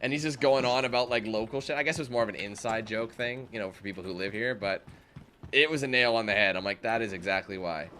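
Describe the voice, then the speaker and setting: A man's voice: medium pitch, quick pace, sharp tone, slight background noise. A young man hosting casual gameplay commentary, rambling and chatty with lots of fillers. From Canada. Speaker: gaming channel host.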